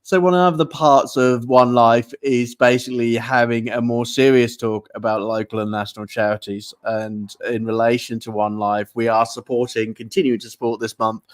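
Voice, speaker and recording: A man's voice: mid-range voice, fairly even intonation, normal speed, hardly any pauses. Male host, casual interview chat, gushing and upbeat. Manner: enthusiastic, effusive praise. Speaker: show host.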